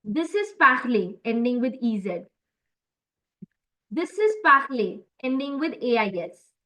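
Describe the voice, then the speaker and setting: A woman's voice: a little high, sing-song, measured pace, bright, forceful tone, low-quality recording. A woman teaching French in an online class, explaining step by step with many fillers and lots of encouragement.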